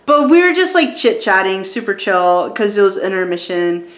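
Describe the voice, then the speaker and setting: A woman's voice: mid-range voice, very animated, normal speed. A woman in her forties telling a story in a casual, rambling way, with many fillers and restarts. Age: 40s. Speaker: vlogger reviewing a show. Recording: roomy echo.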